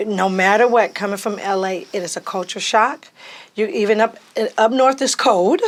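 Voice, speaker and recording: A woman from California, a podcast guest telling lively stories and acting out the voices in them. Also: mid-range voice, normal speed. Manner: animated, acts out voices in her stories. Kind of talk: casual storytelling.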